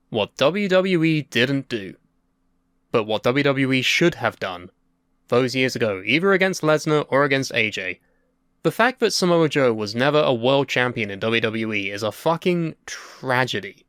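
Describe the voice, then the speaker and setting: A young man talks casually on a podcast. His voice is smooth and resonant, and the sound is close and dry. He chats in a sweary, wry way and gives opinions freely. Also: medium pitch, expressive, a little slow, fairly bright tone, no echo. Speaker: podcast co-host.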